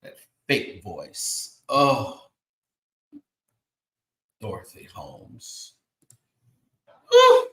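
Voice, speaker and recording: A man hosting a commentary show, talking in a sassy, animated way with sighs and laughing asides. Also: mid-range voice, slow pace, pauses often, reverberant. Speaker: show host.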